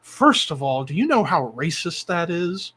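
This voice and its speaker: Animated young man, bright and high. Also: a little slow, slightly rough. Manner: animated, swears a lot, jumps into bits with funny voices. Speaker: stream host. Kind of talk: casual chat retelling a comedy show.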